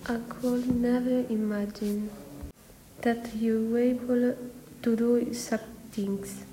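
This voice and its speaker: A woman playing an upset young friend in an amateur class radio play, reading her lines slowly. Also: fairly high pitch, little pitch movement, warm tone, a little hiss or hum, rough recording. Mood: shocked.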